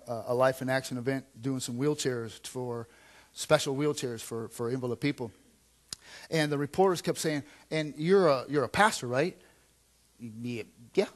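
A man, a pastor, preaching a sermon in a conversational way, repeating phrases and swinging from quiet asides to loud emphatic lines. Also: mid-range voice.

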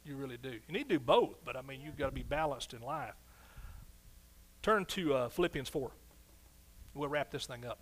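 A middle-aged man preaching a sermon as pastor, animated, swinging between soft asides and loud exclamations. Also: mid-range voice, normal speed, pauses often, breathy edge.

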